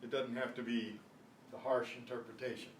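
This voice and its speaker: An older man teaching a Spanish class, slow and patient, often clearing his throat, recorded from a distance. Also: medium pitch, level tone. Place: classroom at a senior center. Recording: echoey room, mic at a distance, faint noise.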